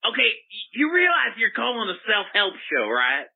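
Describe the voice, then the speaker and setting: A man's voice: high voice, wildly swooping pitch, moderate pace, creaky, narrow, tinny audio, heavily acted. A man playing a flippant pop psychologist from Oklahoma who hosts a comedic call-in show, prissy and easily rattled, stammering when callers swear. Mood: flustered. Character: flippant middle-aged male pop psychologist radio host.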